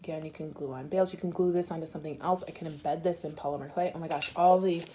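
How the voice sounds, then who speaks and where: A woman's voice: low-pitched, steady tone, quick pace, noisy background. A woman from Arizona chatting casually through an unboxing for her viewers, gushing and giggling as she talks. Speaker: bead crafting vlogger.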